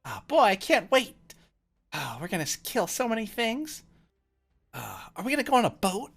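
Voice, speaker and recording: A woman voicing a giddy, wide-eyed young boy who is eager and full of excited questions. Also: medium pitch, moderate pace, gravelly, slightly rough, pitched above the performer's own voice, full character voice.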